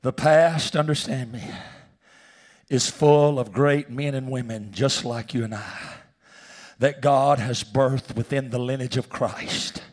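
A man preaching a sermon in church, telling a personal story and swinging from shouts down to hushed whispers. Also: medium pitch, slow pace. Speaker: pastor. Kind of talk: sermon testimony.

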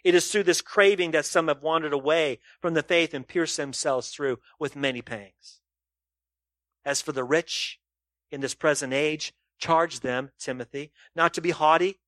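A man's voice: a little high, no room sound, clean studio sound. Man preaching with rising, pressing questions. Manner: rhetorical questions to the congregation, swings loud and soft. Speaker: pastor. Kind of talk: sermon.

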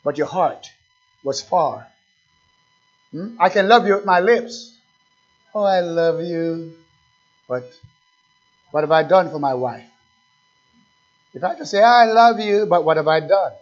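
Fervent high-voiced male preacher. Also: expressive, measured pace, long pauses, dull audio. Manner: preaching with rising fervor, rhetorical questions. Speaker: pastor. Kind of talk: sermon.

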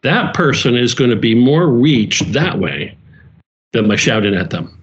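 A man's voice: mid-range voice, very animated, measured pace, lo-fi sound. A man leading a small church, talking earnestly in casual conversation, repeating himself and restarting his phrases.

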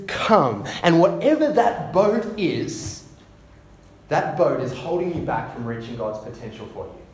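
A man preaching a sermon, often repeating words as he goes and dropping to soft, hushed tones. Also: on the high side. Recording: echoey room with faint ambience.

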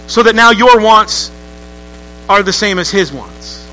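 Bright, emphatic preacher man. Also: high voice, animated, unhurried, slight background noise, low-quality recording. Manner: conversational storytelling preaching, rising to emphatic peaks. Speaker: pastor. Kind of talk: sermon. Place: church sanctuary.

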